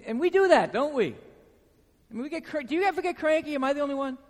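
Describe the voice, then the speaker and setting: A man's voice: extremely high pitch, lively intonation, fast talker. A man preaching a sermon to his congregation, emphatic, repeating key phrases and asking the room questions. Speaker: pastor. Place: church sanctuary. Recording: reverberant church hall.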